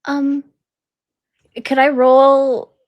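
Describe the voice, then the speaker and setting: Woman player, quite high voice, halting and apologetic. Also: completely flat delivery, muffled recording. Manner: apologetic, halting, many fillers. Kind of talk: tabletop role-play.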